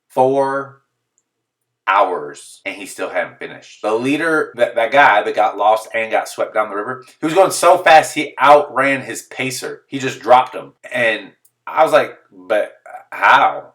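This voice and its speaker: A man's voice: medium pitch, a little slow, recorded from a distance. A man telling a comedic story in a monologue, full of exaggerated disbelief and acted-out quotes. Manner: animated, exaggerated disbelief, acts out quoted voices.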